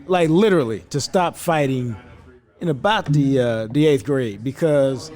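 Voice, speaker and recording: A man's voice: mid-range voice, a little slow, a little mellow. A man co-hosting a podcast in casual chat, chiming in with short reactions and wry asides. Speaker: podcast co-host.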